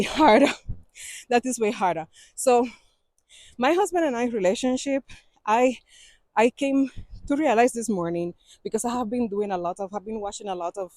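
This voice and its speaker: This vlogger, a Cuban woman in her 40s, speaks in a mid-range, slightly mellow voice while walking an outdoor trail. The climb has her a bit out of breath, but she's chatty, laughs frequently, and phrases things in a non-native way. The audio is close and dry.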